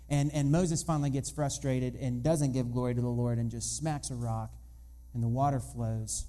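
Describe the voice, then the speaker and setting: A man's voice: mid-range voice, brisk, mellow. A man in his thirties preaching a sermon in a conversational way, acting out the voices of the people and of God as he tells the story. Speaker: pastor.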